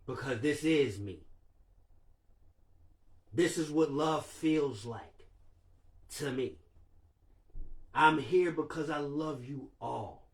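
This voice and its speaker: A man hosting a livestream, talking candidly and emotionally and swearing freely. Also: fairly high pitch. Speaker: livestream host.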